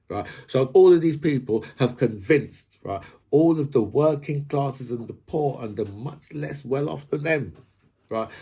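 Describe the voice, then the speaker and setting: Husky man ranting. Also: medium pitch, mellow. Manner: rambling, peppers talk with "right?" and "you know"; builds points through analogies. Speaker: host. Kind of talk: casual commentary vlog.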